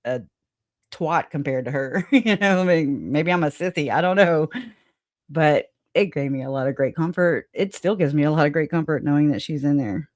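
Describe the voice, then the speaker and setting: A woman's voice: low voice, normal speed, a little mellow, no echo, clean studio sound. A woman hosting a livestream in casual chat, rambling, laughing often and swearing casually. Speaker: livestream host.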